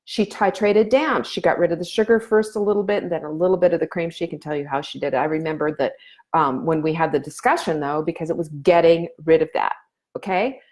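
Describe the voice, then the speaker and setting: A woman's voice: low-pitched, quick pace, a little mellow. A middle-aged woman hosting a casual live stream, giving earnest, motherly advice with frequent fillers. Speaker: nutrition coach host.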